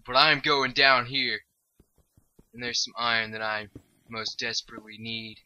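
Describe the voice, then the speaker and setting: Young guy doing game commentary, super bright edgy voice, rambly crude jokes, squeals up high when excited. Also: poor audio. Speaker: gaming video host. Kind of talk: gameplay commentary.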